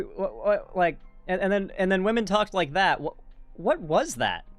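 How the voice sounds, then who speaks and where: A man's voice: sits high, very animated, normal speed, no echo. Rambling, blunt young man reacting. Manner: blunt and rambling, swearing, self-correcting. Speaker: commentary streamer. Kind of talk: reacting to a video with casual commentary. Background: faint background music.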